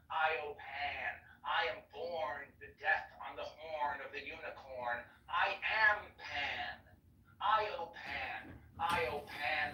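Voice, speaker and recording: Man, bright tense voice, chanting recitation, distant in an echoey room. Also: on the high side, slight background noise. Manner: chanting, intense incantatory delivery. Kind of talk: dramatic poem recitation and casual chat. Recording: echoey room, mic far off.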